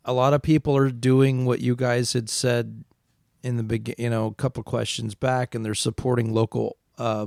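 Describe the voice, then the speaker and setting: A man's voice: medium pitch, creaky, a little mellow, dry recording, clean studio sound. A man co-hosting an audio podcast, talking casually and opinionated, rambling through his points in a self-described facts-guy way. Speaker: podcast co-host. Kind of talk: casual chat.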